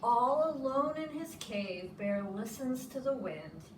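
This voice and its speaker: A woman's voice: on the high side, lively intonation, slow pace. A woman preschool teacher reading a picture book aloud to children, explaining words as she goes. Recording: echoey room, from a distance, noisy.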